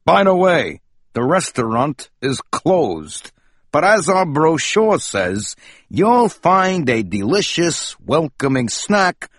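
A man's voice: on the high side, sing-song, slow pace, slightly rough, no echo, studio quality, full character voice. A man voicing a plump, lazy male mouse who works as a hotel clerk, mumbling and drawling between yawns. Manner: yawning, mumbling, unbothered drawl. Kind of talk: storybook reading.

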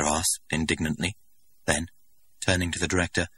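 A man with a very low voice reads a novel aloud in a measured, dramatic way. The recording is close and dry, with no room sound around him. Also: little pitch movement, a bit bright, husky, dry recording. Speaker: narrator. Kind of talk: audiobook narration.

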